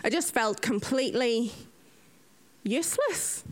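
A woman, a nurse, telling a personal story in a casual, animated way. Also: fairly high pitch, a little slow. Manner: lively, animated retelling with acted-out quotes.

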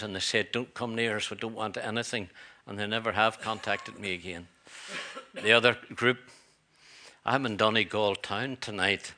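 A man's voice: on the low side, sharp tone. A middle-aged man, a pastor preaching a sermon in a church, earnest and repetitive, with chatty asides.

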